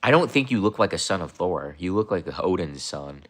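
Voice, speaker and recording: Young man, deep low voice, casual livestream host, rambling, teasing. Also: sing-song, brisk. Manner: rambling, repeats himself, addresses chat viewers; mocking, confrontational toward viewers.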